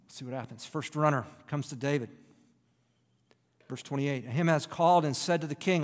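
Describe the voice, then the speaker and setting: Male preacher, slightly high voice, dramatic shifts from loud to hushed, big reverberant sanctuary sound. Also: fast. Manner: expressive preaching, drops to a hushed near-whisper for emphasis. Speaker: pastor. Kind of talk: sermon.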